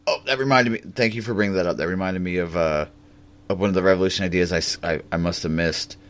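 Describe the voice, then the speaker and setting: A man with a low voice runs a casual gaming podcast. He jokes and cusses freely while moving the chat along to the next topic. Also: fast talker. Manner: swearing, joking, steering topics. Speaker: podcast host.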